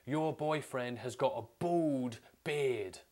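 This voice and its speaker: Drunk taunting lout, high and slurred, man doing the voice. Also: takes it slowly, a little mellow, lightly acted. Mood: mocking. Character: drunk, sneering young man at a bar.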